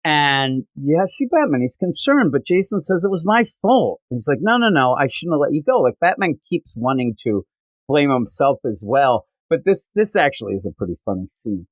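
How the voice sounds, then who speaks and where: A man's voice: on the high side, dry recording. A man co-hosting a podcast, casually retelling comic book scenes and acting out the characters' lines. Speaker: podcast co-host.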